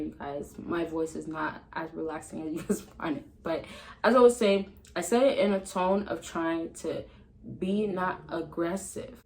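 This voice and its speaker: A woman giving dating advice to camera in a casual vlog, chatty and emphatic, swinging between loud excitement and a soft calm tone, laughing often. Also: lowish voice, low-quality recording. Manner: laughs often mid-sentence.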